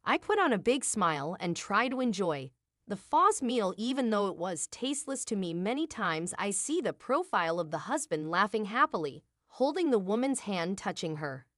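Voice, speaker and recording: A woman's voice: mid-range voice, very animated, moderate pace, a bit bright, no echo, studio quality. Woman narrating a dramatic story. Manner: emotional, dramatic, rhetorical questions.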